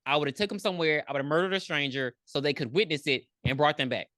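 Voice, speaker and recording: A woman's voice: sits low, fast, a bit bright, no echo, clean studio sound. A woman co-hosting a podcast, retelling a horror film in a blunt, joking, slangy way. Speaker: podcast co-host. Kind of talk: casual chat recapping a horror film.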